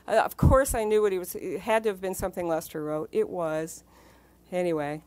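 Woman telling lively stories on a panel. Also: medium pitch, normal speed. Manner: lively storyteller, laughs often, acts out quotes. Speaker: former magazine editor on a panel. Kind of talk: animated anecdote telling. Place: library event hall.

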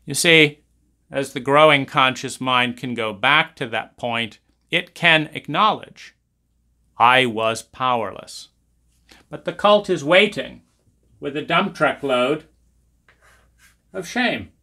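Male trauma teacher, slow and deliberate, bright tense tone, intense and profane. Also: a little high. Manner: intense, profane, repetitive emphasis. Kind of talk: impassioned monologue.

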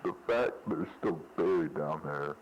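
Actor as a tormented man on a noisy old tape, very low voice, halting and remorseful. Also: dull audio. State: sleepless and tormented. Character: guilt-ridden man confessing to a tape recorder. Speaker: man recording a tape confession.

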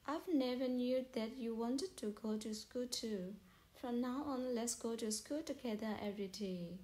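A woman's voice: fairly high pitch, measured pace, darkish tone, lightly acted. A woman voicing a bookish young male fish schoolboy in a storybook, explaining patiently and earnestly. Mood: apologetic.

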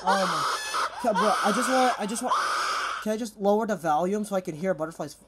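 A young male gamer with a high, animated voice talks quickly over background noise, keeping up a nervous, casual running commentary. He's jittery and keeps breaking into sudden panicked yelps.

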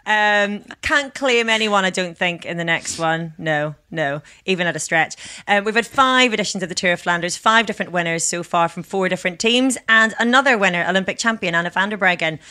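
A woman's voice: lowish voice, bright, forceful tone. A woman co-hosting a cycling podcast, delivering a news roundup with easy, teasing banter. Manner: laughs easily, quick teasing banter. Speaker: podcast co-host. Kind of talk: casual chat and news roundup.

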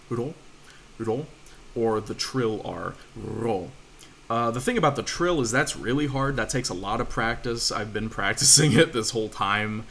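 Relaxed man teaching an online class. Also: medium pitch, slight background noise. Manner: casual, reassuring, fillers and restarts. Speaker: language teacher. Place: home room, online voice call.

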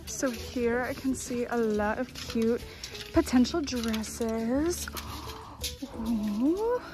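A woman's voice: fairly high pitch, drawn-out words. A young woman narrating a day-in-my-life vlog, bubbly and chatty with trendy slang and frequent laughs. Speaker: vlogger. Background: music.

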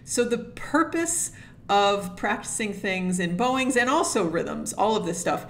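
A woman's voice: medium pitch, measured pace, a little hiss or hum. Methodical woman teaching string practice. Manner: methodical, steady, breaks steps down one at a time; sings rhythms on nonsense syllables to illustrate. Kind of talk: instructional explanation to camera.

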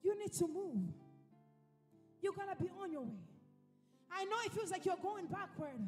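Woman preacher, very high voice, emphatic repetitions, reverberant hall. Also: lively intonation, moderate pace, long pauses. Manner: emphatic, repeats phrases for effect. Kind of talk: sermon. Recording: reverberant hall with faint music.

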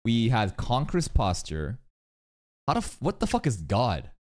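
A young man doing casual anime reaction commentary, excitable and swearing often as he talks to the screen. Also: medium pitch, normal speed.

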